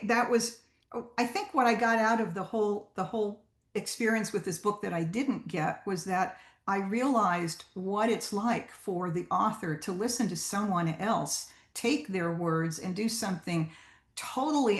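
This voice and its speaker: A woman's voice: fairly low pitch, creaky, reverberant. A woman voice actor talking casually to a writers' group about narrating audiobooks, chatty and full of restarts. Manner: chatty, with many fillers and restarts.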